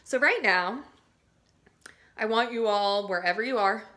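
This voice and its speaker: A young woman, a teaching artist, leads young students through a playful physical and vocal warmup and demonstrates the sounds herself. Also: mid-range voice, measured pace.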